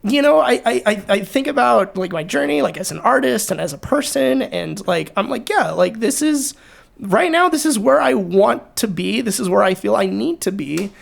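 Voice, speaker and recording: Young woman podcast host, casual chat, gravelly voice, swears a bunch, super animated. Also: mid-range voice, normal speed. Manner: swears freely, animated and emphatic.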